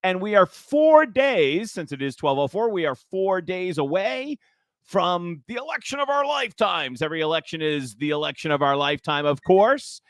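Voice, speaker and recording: A man's voice: sits high, expressive, moderate pace, dry recording. A man hosting a casual political talk show, chatty and rambling, with frequent restarts and asides.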